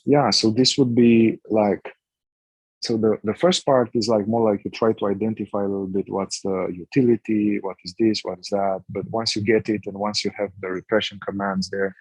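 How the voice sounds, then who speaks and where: Facilitator type: husky man with a low voice, slow and searching delivery, dry close mic. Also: steady tone, dry recording, low-quality recording. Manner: slow, searching, restarts phrases. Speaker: somatic inquiry facilitator. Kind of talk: guided practice instruction.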